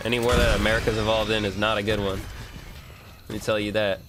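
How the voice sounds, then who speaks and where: A man's voice: lowish voice, flat delivery, quick pace, over music. A man streaming a video game, chatting casually, cursing now and then, and reading the game's prompts aloud. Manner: laid-back, swears, reads game prompts aloud. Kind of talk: casual gameplay commentary.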